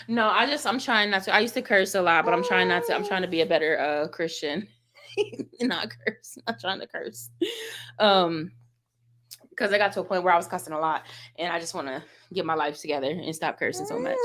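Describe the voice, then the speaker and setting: A woman vlogger telling a funny story in casual chat, animated and laughing, acting out quotes with big jumps in her voice. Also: mid-range voice.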